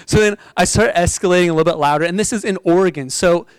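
Young man, youth-style preacher, animated and talky, bright high voice, dry close sound. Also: fast talker, clear, resonant tone, no echo, rough recording. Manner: animated, chatty storytelling with frequent "like" and laughter. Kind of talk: sermon with personal storytelling.

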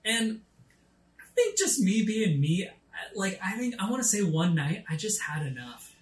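A man preaching a sermon, telling a story from his youth pastor days and acting out the dialogue with lively energy. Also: unhurried, echoey room, a little hiss or hum. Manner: animated, acts out quoted dialogue with rising pitch.

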